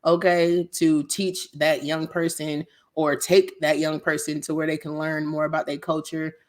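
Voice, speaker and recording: A woman's voice: low voice, level tone, measured pace. A young woman co-hosting a podcast in frank, profane casual chat, laughing often. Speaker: podcast co-host.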